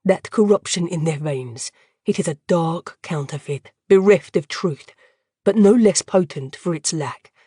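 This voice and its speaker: A woman voicing a wounded young male captain who speaks in a halting, trembling way. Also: on the low side, dark tone, husky, no echo, clean studio sound. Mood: grave. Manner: halting, trembling, stammering delivery.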